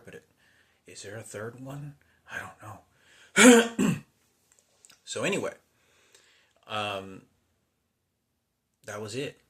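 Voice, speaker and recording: A man in his forties telling a rambling personal story, halting and unsure, often restarting and trailing off. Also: fairly low pitch, fairly bright tone. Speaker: vlogger.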